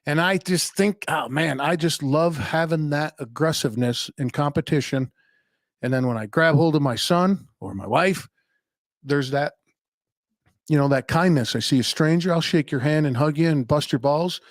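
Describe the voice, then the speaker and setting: Blunt, cursing man with a higher voice. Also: normal speed, dry recording, studio quality. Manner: blunt, profane, storytelling. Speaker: podcast host. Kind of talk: unscripted solo podcast monologue.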